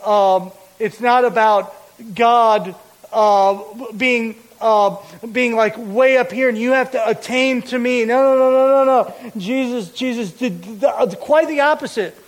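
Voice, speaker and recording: A man preaching a sermon as pastor, explaining a verse with deliberate, emphatic repetition. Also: very high-pitched, rough recording.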